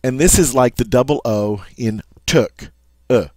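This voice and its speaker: A man's voice: mid-range voice, unhurried, a little mellow, no room sound. A man giving a patient language lesson, explaining sounds step by step and often checking in with "all right?". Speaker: French teacher.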